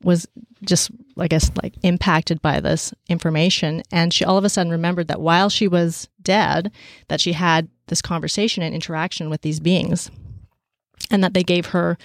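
A woman telling a story casually and with energy, with many fillers, and raising her pitch to act out the people she quotes. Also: normal speed, no room sound, studio quality. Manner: animated, acts out quoted voices at a higher pitch.

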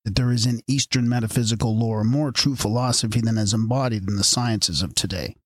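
A man reading as a solemn spokesman of a secret order, speaking in grave, formal pronouncements. The voice sits low and husky, recorded dry and close with no room around it. This is an audiobook reading. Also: brisk, no echo, close to an everyday voice.

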